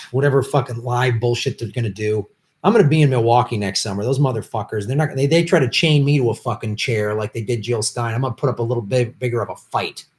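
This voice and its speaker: A man hosting a political commentary livestream reads viewer donations and rants with heavy profanity, swinging between muttering and shouting. His voice is mid-range and his pace quick.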